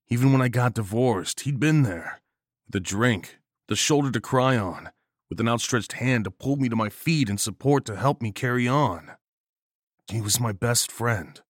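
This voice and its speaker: A man narrating a first-person horror story in a measured, gritty and profane way. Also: on the low side, no room sound, clean studio sound.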